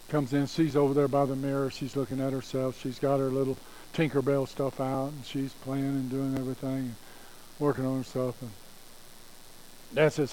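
A man's voice: mid-range voice, flat delivery, moderate pace, warm tone, slight background noise, rough recording. A man telling a folksy story with chatty asides to the audience.

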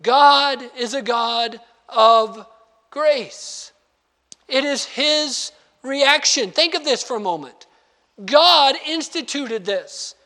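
A man preaching a sermon, animated, acting out quoted lines and reading scripture slowly. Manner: animated, acts out quoted lines with sudden pitch jumps; reads scripture slowly and deliberately. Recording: long hall reverb.

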